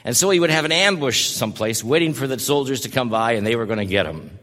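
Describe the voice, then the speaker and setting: A man's voice: medium pitch, expressive, quick pace, a bit bright, big-room sound. A man preaching a sermon as a pastor, telling a story in a folksy way and speaking to people in the congregation by name.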